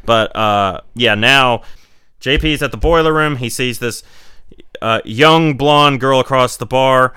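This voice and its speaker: A man's voice: medium pitch, slow, bright, forceful tone, clean tone, no room sound. A man co-hosting a podcast, casually retelling a horror film scene by scene in a rambling way. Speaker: podcast co-host. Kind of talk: casual movie recap chat.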